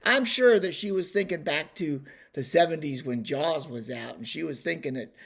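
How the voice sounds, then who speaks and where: A man's voice: on the high side, normal speed, creaky, a bit bright. Rambling, folksy man telling a story. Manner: rambling and folksy, with many fillers and restarts. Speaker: storyteller host. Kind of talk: casual storytelling vlog.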